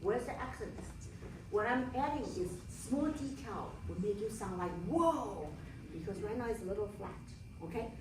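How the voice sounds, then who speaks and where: A woman's voice: medium pitch, normal speed, background noise. A woman teaching a piano masterclass, coaching directly and encouragingly, singing out rhythms as she goes. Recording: echoey room from far off, piano playing.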